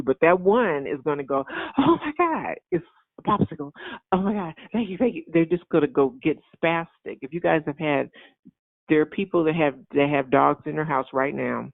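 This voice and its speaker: A man preaching an informal sermon in an animated, repetitive way, often acting out excited voices. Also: fairly high pitch, vocal fry, no room sound. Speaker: pastor. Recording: tinny phone-like sound.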